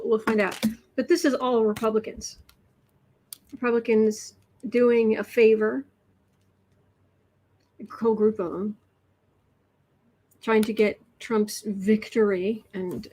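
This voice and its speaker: A woman's voice: fairly high pitch, darkish tone, poor audio. A woman hosting a casual tarot livestream from a room indoors, chatting loosely with many restarts and reading out viewer comments. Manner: chatty, frequent restarts and repeated words. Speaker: tarot reader and livestream host.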